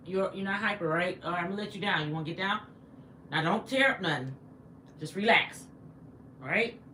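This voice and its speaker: A woman hosts a livestream from inside her home in a fairly low voice, with a slight hiss or hum in the background. She chats animatedly with viewers, reading their comments out loud and talking back to them and to her pet.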